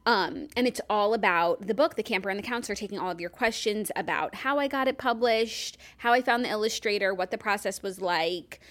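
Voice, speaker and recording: A woman's voice: medium pitch, fairly quick, few pauses, a bit bright. A young woman co-hosting a podcast, chatting casually and now and then drawing out a word to tease. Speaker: podcast co-host. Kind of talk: casual chat.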